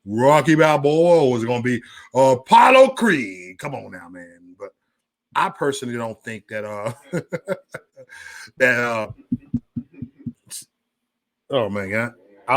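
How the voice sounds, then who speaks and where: Man, livestream host, casual chat; lively, bright and loud, profane, drops to a mumble between bursts. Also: mid-range voice, a little slow, long pauses.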